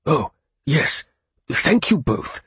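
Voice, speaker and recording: A man's voice: a little high, sing-song, slow pace, fairly bright tone, husky, dry recording, pitched above the performer's own voice, exaggerated voice. A man voicing a glum, grief-stricken older shopkeeper in an audiobook, speaking muffled and subdued. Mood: grieving. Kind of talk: audiobook character voice.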